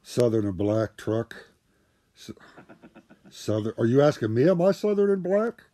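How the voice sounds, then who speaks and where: A man's voice: medium pitch, big pitch swings, measured pace, warm tone. A man from Ohio hosting his live stream and joking and teasing his guests in casual chat. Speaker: streamer, truck driver.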